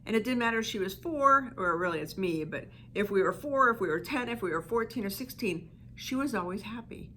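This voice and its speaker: Bright-voiced woman talking casually. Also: medium pitch, lively intonation, brisk, slight background noise. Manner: conversational, full of "you know" asides. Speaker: inner child healing coach. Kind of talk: reflective talk to listeners.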